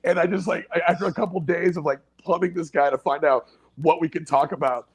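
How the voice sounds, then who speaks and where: A man's voice: on the high side, steady tone, brisk, slightly rough. A man talking as a podcast guest in a loose, profane, casual chat, laughing often and trailing off into fillers.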